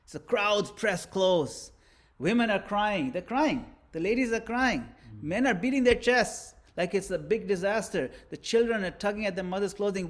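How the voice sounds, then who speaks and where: A man's voice: high voice, lively intonation, normal speed. Man telling a story with dramatic flair. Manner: vivid, theatrical narration with swings in loudness. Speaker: religious teacher.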